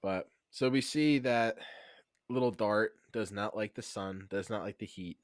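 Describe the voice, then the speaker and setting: Male co-host from New Jersey, lower voice, dry mic, teasing recapper. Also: measured pace, no echo. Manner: teasing, recaps scenes at length. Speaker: podcast co-host. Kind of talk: casual TV recap chat.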